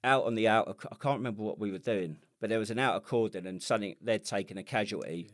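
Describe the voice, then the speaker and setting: British man, low voice, dry close sound, sweary laughing army stories, podcast co-host. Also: fast talker, no echo. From United Kingdom. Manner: sweary storytelling, laughing often. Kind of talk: casual chat.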